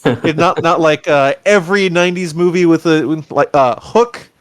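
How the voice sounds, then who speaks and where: A man co-hosting a podcast, chatting casually about a film and acting out the characters' lines in an animated way. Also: fairly high pitch, moderate pace, no echo, studio quality. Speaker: podcast co-host. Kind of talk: casual movie review chat.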